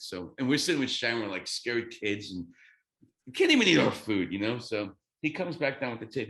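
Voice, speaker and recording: A man in his fifties, a guest drummer, telling a story excitedly, swearing freely and acting out quotes. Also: medium pitch, brisk, reverberant. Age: 50s. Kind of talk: animated storytelling.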